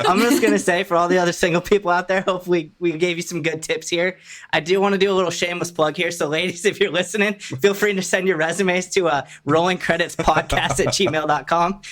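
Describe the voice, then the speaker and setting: A man's voice: high voice, fairly even intonation, fast talker, a bit bright. A man co-hosting a casual podcast who jokes around and giggles easily. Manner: joking, giggly. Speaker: podcast co-host.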